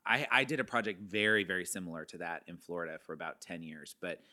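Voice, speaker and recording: A very low-pitched man with a light Southern lilt talks as an interview guest. His tone is bright and forceful. He rambles cheerfully, laughs often and leaves sentences hanging. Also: steady tone, quick pace. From Arkansas and Texas. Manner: chatty, laughs often, trails off mid-sentence. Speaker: guest from a youth writing program. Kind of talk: casual interview conversation.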